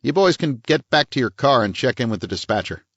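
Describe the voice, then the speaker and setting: A man's voice: medium pitch, expressive, quick pace, fairly bright tone, no room sound, muffled recording, voice pushed up. A man voicing a hard, bullying small-town police chief who snaps his questions.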